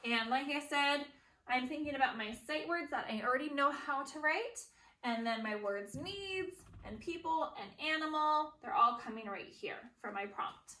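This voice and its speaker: A woman teacher modeling informational writing for young children, speaking slowly and saying each word aloud as she writes it. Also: sits high, lively intonation, sharp tone, recorded from a distance. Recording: echoey room, voice a bit off-mic.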